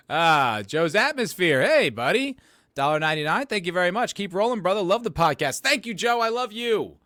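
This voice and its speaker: A man's voice: high-pitched, big pitch swings, a little slow, long pauses, bright, forceful tone, no room sound, clean studio sound. A man hosting a podcast livestream and reading chat messages aloud, rambling casually, swearing and poking fun at himself. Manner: rambling, profane and self-mocking.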